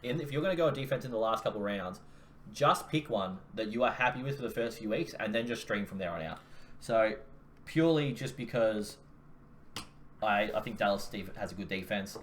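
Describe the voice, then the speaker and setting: A man's voice: lowish voice, animated, fairly quick. A young Australian man with an Australian accent, co-hosting a casual fantasy football chat and joking as he talks through his picks. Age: young adult. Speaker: podcast co-host. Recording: faint background noise.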